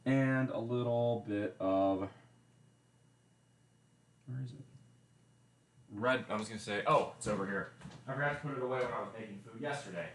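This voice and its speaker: A man's voice: mid-range voice, normal speed, long pauses, reverberant, a little hiss or hum. A man hosting a casual cooking livestream, chatty and explaining each step with wry asides, recorded in a home kitchen. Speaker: livestream host.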